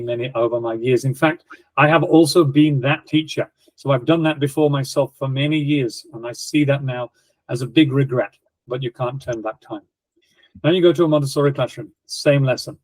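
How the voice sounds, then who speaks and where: A middle-aged man speaking as an education guest, telling classroom stories in a lively way and acting out scenes. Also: medium pitch, no room sound, low-quality recording. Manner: lively, acts out classroom scenes in quoted voices. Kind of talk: animated storytelling explanation.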